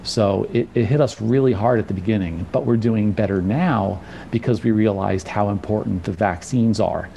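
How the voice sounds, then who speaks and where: Gravelly low-voiced man, candid podcast guest. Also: normal speed, few pauses, warm tone, slight background noise. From New Jersey, USA. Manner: friendly, repeats words when starting sentences. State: slightly out of breath. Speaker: guest, personal trainer and nutrition specialist. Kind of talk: casual interview chat.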